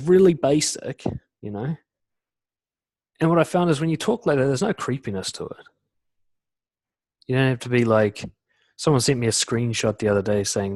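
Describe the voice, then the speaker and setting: A man coaching in a casual webinar talk, full of "you know" and "like", acting out quoted lines in lively voices. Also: mid-range voice, dry recording. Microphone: computer mic on a video call.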